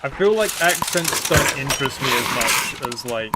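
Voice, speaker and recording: A British man chats casually as he plays on stream. He rambles and pokes fun at himself, scattering "like" through his sentences. Loud constant noise and clicking sit under his voice. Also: mid-range voice, lively intonation, normal speed. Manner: rambling, lots of "like" fillers, self-deprecating. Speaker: gaming streamer. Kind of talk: casual stream chat while playing.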